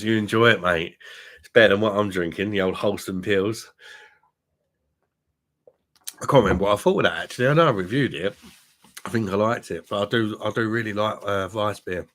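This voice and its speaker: Deep-voiced man, blunt and chatty. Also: fairly bright tone. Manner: blunt, laughing, swears freely, addresses viewers as mate. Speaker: beer reviewer and live-stream host. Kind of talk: casual live-stream chat with viewers. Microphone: webcam mic.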